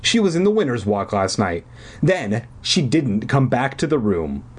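A man reading aloud and voicing an anxious, insistent girl at summer camp, urgent and pleading, with a husky voice. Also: mid-range voice, big pitch swings, unhurried.

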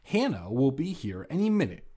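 A man's voice: mid-range voice, huge pitch swings, normal speed, mellow. A man reading aloud and voicing a stern, worried middle-aged aunt who speaks in curt, scolding lines.

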